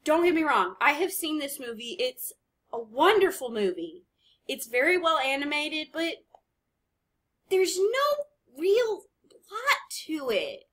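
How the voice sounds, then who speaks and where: A woman hosting an anime reaction video, chatting casually and rambling as she pauses to comment. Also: high-pitched, very animated, a bit bright.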